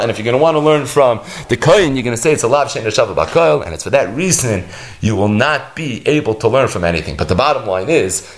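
A man teaching a Talmud lesson, explaining point by point with rhetorical questions and many Hebrew and Yiddish terms. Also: medium pitch. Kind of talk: Talmud lecture.

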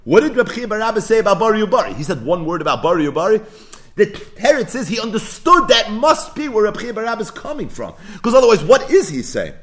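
Animated fast-talking man teaching Talmud. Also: high voice. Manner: animated, rhetorical questions, mixes Yiddish and Hebrew terms. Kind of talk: daf yomi Talmud lecture.

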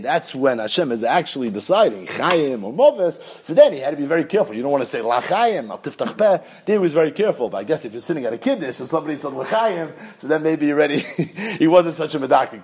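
Animated man teaching a Talmud class. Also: on the high side, slightly rough. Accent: Yeshivish English. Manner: animated, sing-song study chant with Yiddish and Hebrew terms.

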